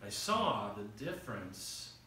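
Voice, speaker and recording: Middle-aged male preacher, bright and forceful, storytelling sermon, echoey hall, distant mic. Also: fairly low pitch, sing-song, slow pace, slight background noise. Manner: storytelling with acted quotes and rising emphasis. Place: church hall. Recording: echoey room picked up from far off.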